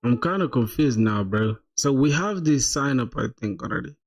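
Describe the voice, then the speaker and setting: Gravelly man thinking aloud while coding. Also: medium pitch, lively intonation, moderate pace, faint music behind. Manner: thinks aloud, laughs often, says "bro" a lot. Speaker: streamer coding live. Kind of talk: casual live-coding stream chat.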